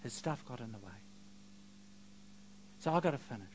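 A middle-aged man preaching a sermon, telling a personal story with self-mocking asides and swings between quiet and loud. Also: medium pitch, animated, normal speed, slight background noise.

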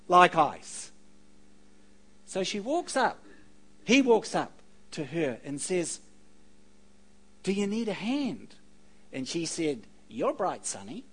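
Lively New preacher man. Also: high voice, rough recording. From New Zealand. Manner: animated storytelling with joking asides to the congregation. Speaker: pastor. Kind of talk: sermon.

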